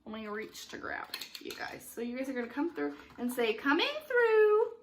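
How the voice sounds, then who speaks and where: A woman's voice: fairly high pitch, fairly even intonation, brisk, a little hiss or hum. A woman teaching youth theater online, giving upbeat stage directions and checking in with "okay?" as she goes. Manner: upbeat, instructive, frequent "okay?" check-ins.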